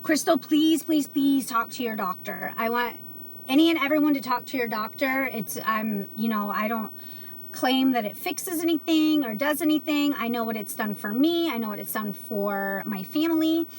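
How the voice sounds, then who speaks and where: Chatty woman livestreaming, slightly high voice. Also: moderate pace, a little hiss or hum. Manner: earnest, chatty, many fillers. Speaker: livestream host selling CBD. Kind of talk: casual livestream chat.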